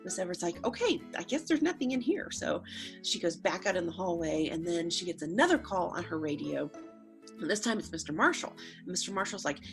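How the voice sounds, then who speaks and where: A woman's voice: fairly low pitch, fairly quick, over music. A woman telling a lighthearted story to students in a casual, chatty way, acting out quotes with "she's like". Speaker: school staff storyteller.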